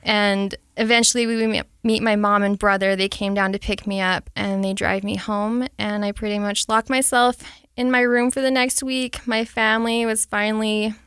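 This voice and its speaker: A woman's voice: mid-range voice, little pitch movement, normal speed, a bit bright, clear, resonant tone, dry recording, clean studio sound. A woman in her late twenties, a podcast guest, recounting her past frankly and reflectively. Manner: frank, reflective, reenacts her own thoughts. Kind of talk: candid personal storytelling.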